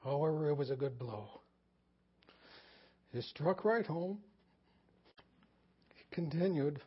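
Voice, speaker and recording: A man pastor preaching a sermon, swinging from loud emphasis to hushed near-whisper. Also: fairly high pitch, animated, slow, pauses often, breathy edge. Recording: dull lo-fi sermon recording.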